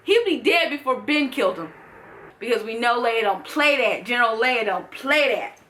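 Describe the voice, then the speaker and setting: A young woman talking casually and playfully to camera in a fan-theory vlog, full of animated asides. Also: a little high, moderate pace. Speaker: vlogger.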